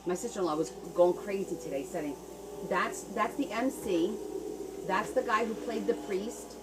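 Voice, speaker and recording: A woman's voice: mid-range voice, moderate pace, distant mic, noisy background. A woman hosting a casual craft livestream from her kitchen, chatting and rambling through stories as she goes. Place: home kitchen.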